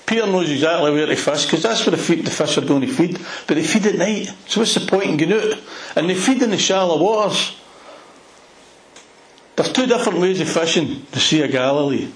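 A man with a Glasgow accent preaching a sermon, retelling a Bible story in an animated way with plenty of local slang. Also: a little high, fairly quick, roomy sound, low-quality recording. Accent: Glaswegian Scottish. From Scotland. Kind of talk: expository sermon.

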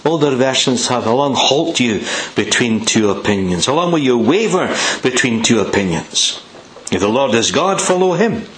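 A man's voice: moderate pace, a little hiss or hum, rough recording. An older man with a Scottish accent, preaching in church, reading scripture aloud and then praying. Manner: reads scripture with lively rises in pitch on quoted speech. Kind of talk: sermon scripture reading and prayer.

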